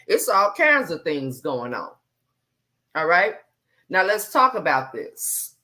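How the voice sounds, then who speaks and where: A woman hosting a live stream, talking in a calm, measured way and repeating herself to stress her points. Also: fairly low pitch.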